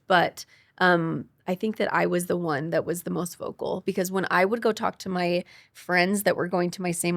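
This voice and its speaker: A woman's voice: on the low side, creaky, no echo, studio quality. A young woman, a podcast guest, telling her cancer story with emotion and quoting people as she goes. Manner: quick, tearful retelling with quoted dialogue.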